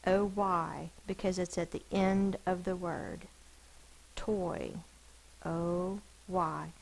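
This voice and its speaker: Woman teacher, gravelly edge, slow and careful, walks young kids through spelling sounds. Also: lowish voice, fairly even intonation, rough recording. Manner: slow, deliberate sounding out of words. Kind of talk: phonics spelling lesson.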